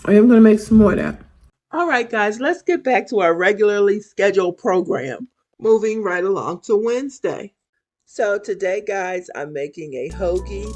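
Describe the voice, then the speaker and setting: A woman, chatting casually and warmly to viewers in a homey way in her weight loss vlog. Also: medium pitch. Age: 50s.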